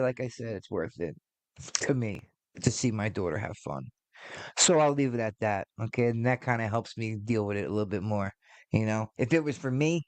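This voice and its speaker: A man's voice: lowish voice, no echo. Guy in his 40s ranting on his podcast, swears a lot, rambles, dry close sound. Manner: profane, rambling, exasperated. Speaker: podcast host. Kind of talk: casual ranting monologue.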